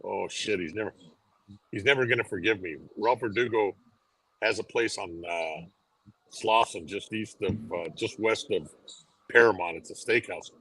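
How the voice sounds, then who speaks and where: A man's voice: fairly low pitch, moderate pace, fairly bright tone, breathy edge, dry recording, poor audio. An older man, a retired detective, chatting as a guest in a casual interview, easygoing and dryly funny, wandering a little as he recalls things.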